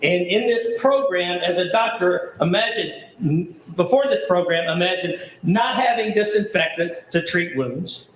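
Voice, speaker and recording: A man's voice: sits high, unhurried, roomy sound, rough recording. A middle-aged man from the American South, a charity founder giving an enthusiastic, folksy welcome speech at an event. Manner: enthusiastic, folksy, rhetorical questions.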